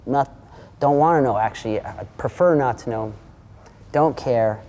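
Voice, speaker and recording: Animated man with a mellow voice. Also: mid-range voice, measured pace. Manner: animated, acts out quoted dialogue, swears freely. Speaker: interview guest. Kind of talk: casual storytelling.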